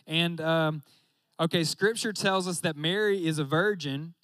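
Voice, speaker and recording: A man's voice: a little high, a little slow, a bit bright, no room sound. A young man preaching a casual sermon, joking and talking straight to his listeners. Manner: joking, talks straight to the audience with "y'all".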